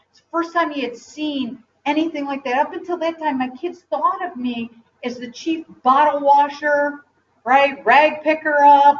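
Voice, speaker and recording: A woman in her forties giving a motivational speech to an audience, animated, telling stories and asking the room questions. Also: on the high side, slight background noise. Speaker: speaker at a company event. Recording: distant, dull lo-fi live recording.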